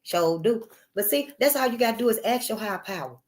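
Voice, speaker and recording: A woman's voice: on the high side, expressive, brisk. A woman hosting her channel, talking straight to her viewers in a casual, emphatic, folksy way and calling them honey and y'all. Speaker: channel host. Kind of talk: casual spoken monologue to viewers.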